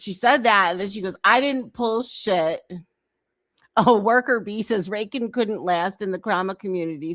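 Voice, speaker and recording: A woman hosts a casual commentary stream and reads chat screenshots aloud with amusement. Her voice sits at an average pitch. The sound is dry and close, with no room echo. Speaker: commentary channel host.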